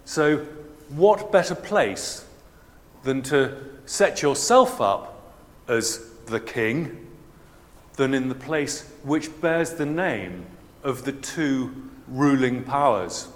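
Unhurried male preacher in a reverberant church. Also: mid-range voice, animated. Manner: measured, explanatory, conversational. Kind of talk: sermon.

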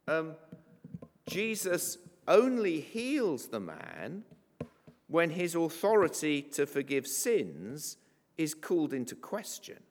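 A man's voice: a little high, a bit bright. A man preaching a sermon in a conversational, wry way, with asides and fillers. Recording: long hall reverb.

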